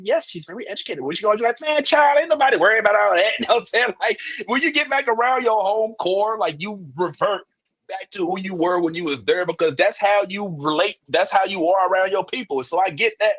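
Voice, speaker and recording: A man from Saint Louis co-hosting a podcast, telling lively stories with asides in a casual movie chat. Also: high voice, a little fast, no echo. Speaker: podcast co-host.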